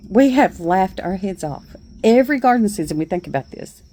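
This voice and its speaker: A woman's voice: medium pitch, animated, normal speed, warm tone, slight background noise. A middle-aged woman telling a story on her porch in a chatty, folksy way, laughing along. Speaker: vlogger. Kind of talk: casual storytelling.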